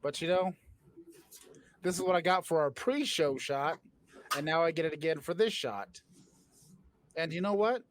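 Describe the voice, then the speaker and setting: Man, podcast host, playful oversold delivery, lively pitch, dry close recording. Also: normal speed, pauses often, no echo. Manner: playful, jokey, hammy overselling. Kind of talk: casual comedic podcast chat.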